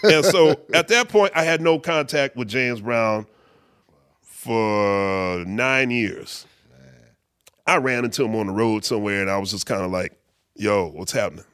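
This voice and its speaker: Laid-back middle-aged male storyteller, average pitch, dry close sound. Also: a little slow, fairly bright tone, clear, resonant tone, no echo. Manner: laid-back storyteller who acts out quotes, many fillers. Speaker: guest musician, bass player. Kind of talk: casual anecdote in an interview.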